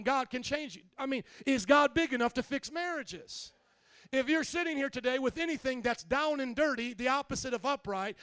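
Pastor guy preaching, real high voice, sassy call and response, dry mic. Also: a bit bright, clean tone, no echo. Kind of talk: sermon.

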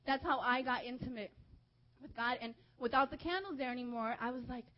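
A young woman preaching a sermon, telling a personal story in a lively, chatty way with lots of "like"s. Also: sits high, fairly quick. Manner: lively, chatty, many filler "like"s. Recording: dull lo-fi recording.

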